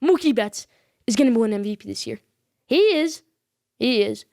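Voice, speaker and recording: A woman's voice: on the high side, moderate pace, creaky, dark tone, no echo, clean studio sound. A woman hosting a sports podcast, making emphatic picks and repeating her points for stress. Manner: bold predictions addressed to viewers. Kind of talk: solo sports commentary.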